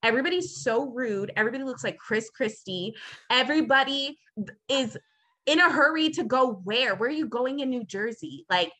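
A woman's voice: a little high, expressive, normal speed, sharp tone, rough recording. A young adult woman hosting a podcast, telling a long story in a casual, rambling, exasperated way with plenty of swearing. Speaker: podcast host.

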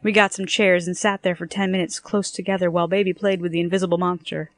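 Expressive woman reading a story. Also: on the low side, fast talker, gravelly, hardly any pauses, no echo. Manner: lively and expressive, acts out the dialogue. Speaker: narrator. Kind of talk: first-person story reading.

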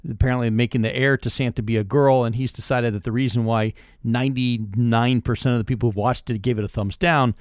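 A man's voice: mid-range voice, steady tone, no room sound, clean studio sound. A man co-hosting a political talk radio show, bantering wryly and running a quiz game. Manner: quick, wry, quiz-style game host.

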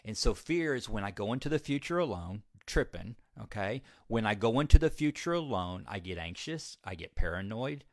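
A man's voice: lowish voice, lively intonation, normal speed, few pauses, a little mellow, no room sound, clean studio sound. A man giving a motivational talk about recovery, emphatic, repeating key points and putting questions to his listeners. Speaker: recovery speaker.

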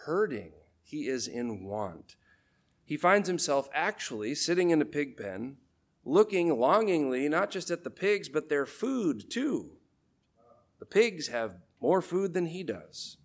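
A man, a priest, preaching a sermon in a measured, deliberate way, letting key phrases fall low for emphasis.

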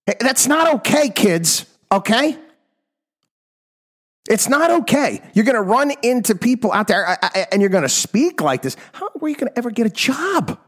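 A man hosting a talk program, ranting in an exasperated monologue that swings from loud outbursts to low mutters, in his fifties. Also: very animated, moderate pace. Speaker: radio talk show host. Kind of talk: opinionated monologue.

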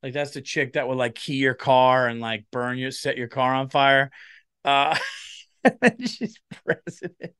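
A tired man, a comedian hosting a solo podcast, rambling in a profane, animated way. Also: medium pitch, moderate pace, smooth, dry recording, clean studio sound.

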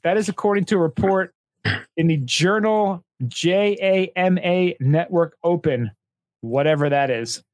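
A man's voice: high-pitched, a little slow, a little mellow, no room sound. A man co-hosting a podcast in casual chat, joking and riffing on bits. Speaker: podcast co-host.

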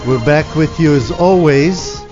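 A man's voice: on the high side, unhurried, over music. A man hosting a casual morning radio show, chatty and rambling, with lots of fillers and restarts. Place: radio studio. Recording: dry, dull lo-fi studio sound.

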